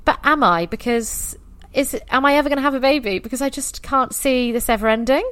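A woman in her thirties, a podcast guest candidly telling her birth stories in a chatty, expressive way. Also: high voice, fairly quick, clean tone, no echo. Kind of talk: casual birth story telling.

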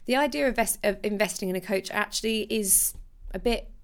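Speaking briskly in a mid-range voice, a young podcast host chats casually on her own show, full of animation, laughs, and restarts.

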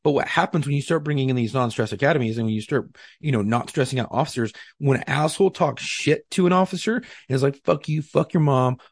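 A man with a husky voice, a former Marine and police officer, co-hosting a casual podcast and telling animated, profane stories. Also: mid-range voice, quick pace, hardly any pauses, no room sound, studio quality.

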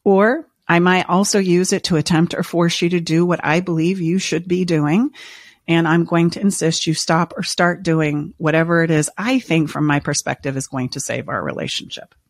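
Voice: mid-range voice, steady tone, normal speed, no echo, studio quality. A relationship counselor hosting a podcast, speaking in an earnest, reassuring way with repeated emphasis. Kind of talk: podcast monologue.

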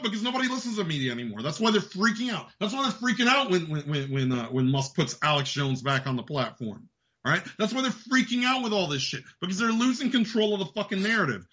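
High, bright-voiced man ranting profanely. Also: highs cut off. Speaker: host. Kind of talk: ranting political commentary.

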